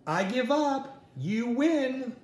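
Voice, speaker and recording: An eager young boy from a picture book calls out in high, excited bursts, as a man puts him on. The voice leaps up and down with lively swings. It rings around an echoey room. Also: slow, exaggerated voice. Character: eager young boy calling for his pet.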